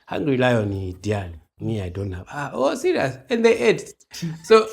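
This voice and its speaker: Man, husky, lowish voice, animated storyteller acting out quotes. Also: measured pace. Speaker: interview guest. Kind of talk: casual storytelling interview.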